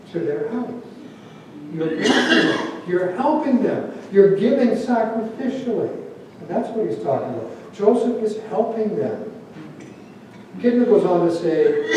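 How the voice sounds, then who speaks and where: A man's voice: high-pitched, warm tone, a little hiss or hum. A man preaching a sermon as a pastor, talking in a conversational way and acting out the voices he quotes. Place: church sanctuary. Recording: very echoey church hall, mic at a distance.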